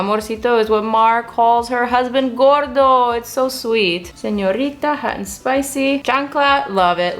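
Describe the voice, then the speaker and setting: A woman's voice: fairly high pitch, a bit bright. Bubbly woman reviewing makeup. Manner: bubbly, gushing, playful. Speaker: beauty vlogger host. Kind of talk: casual product review.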